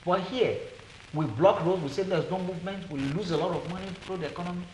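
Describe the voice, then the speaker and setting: Nigerian male panelist, higher voice, indignant tone, echoey noisy room. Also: fast talker. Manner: indignant, rhetorical. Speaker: panel guest. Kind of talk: TV panel discussion. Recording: echoey room with background noise.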